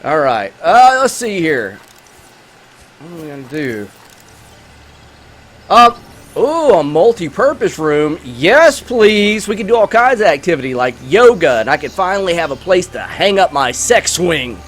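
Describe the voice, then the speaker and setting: A man hosting a gaming channel, giving let's play commentary with a movie review, jokey and excitable and talking straight to his viewers. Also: sits high, moderate pace.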